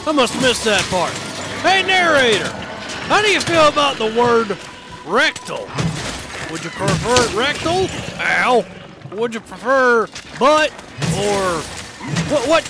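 A man's voice: extremely high pitch, animated, slow, long pauses, full character voice. A man voicing a belligerent old-timer monster hunter in comedic gameplay commentary, folksy and grumbling. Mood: cranky. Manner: folksy grumbling, cries dadgummit. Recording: game music under voice. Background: video game music.

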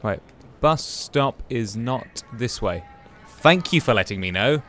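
A man talking his way through a video game with chatty, musing commentary. His pitch rises and falls a great deal, and he keeps breaking into exclamations. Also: lively intonation, slow, fairly bright tone, faint music behind. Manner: chatty, exclaims and muses aloud while playing. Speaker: gaming YouTuber. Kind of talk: casual gameplay commentary.

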